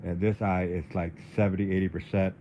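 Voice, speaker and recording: A man livestreaming in a casual, halting way, dizzy and weak, often repeating his words. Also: deep voice, little pitch movement, dull audio, a little hiss or hum. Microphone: phone.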